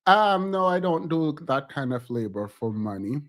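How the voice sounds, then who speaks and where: A man's voice: on the high side, big pitch swings, unhurried, fairly bright tone. A man streaming a casual reaction to a reality show, talking in a sassy, emphatic way and laughing often.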